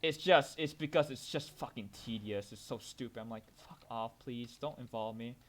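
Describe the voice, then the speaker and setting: A young man co-hosting a podcast while gaming, chatting casually, rambling and swearing, with many restarts and loud bursts when ranting. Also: mid-range voice, moderate pace. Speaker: podcast co-host.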